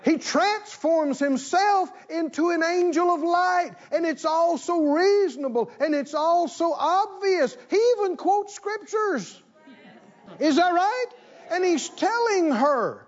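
A man preaching a sermon as the pastor, with animated call-and-response delivery. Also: very high-pitched, takes it slowly, muffled recording.

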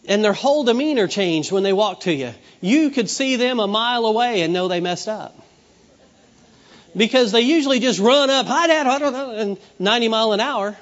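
A middle-aged man preaching a sermon in a conversational way, acting out children's voices. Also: high-pitched. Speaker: pastor. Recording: dull reverberant hall recording.

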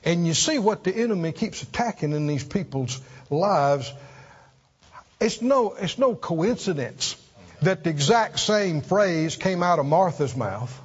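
A high-voiced man preaching a sermon, earnest and emphatic, who repeats himself and reaches up in pitch to drive points home. The recording is dull and muffled, with a long echo trailing through a large hall. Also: lively intonation, a little slow, husky. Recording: dull sound in a reverberant hall.

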